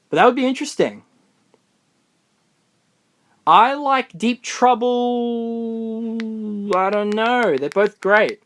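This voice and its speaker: A young man from Australia chatting excitedly through a live Q&A stream, recorded on his phone in a room of books. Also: very high-pitched, slow pace, pauses often. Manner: chatty, excitable, answers comments on the fly. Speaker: fan vlogger. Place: room full of books, indoors.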